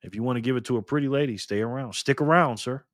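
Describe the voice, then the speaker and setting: A man's voice: medium pitch, quick pace, dry recording, studio quality. A man hosting a casual live stream, reading the chat aloud and talking back to viewers in an upbeat, chatty way. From Nevada.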